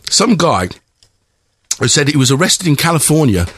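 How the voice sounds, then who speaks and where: Rambling jokey man, husky. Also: a little high, very animated, moderate pace, fairly bright tone, no echo. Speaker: podcast host. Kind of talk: casual comic chat.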